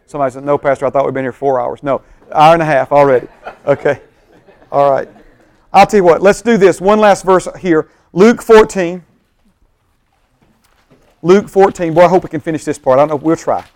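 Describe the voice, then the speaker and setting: This is a pastor with a high voice, animatedly teaching a Bible study group and regularly checking in to make sure they follow along. Recorded close up, the sound is dry and free of room echo.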